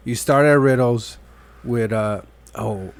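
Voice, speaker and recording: A man's voice: medium pitch, takes it slowly, creaky. A man hosting a podcast in casual chat, rambling, swearing freely and acting out the people in his stories. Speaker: podcast host.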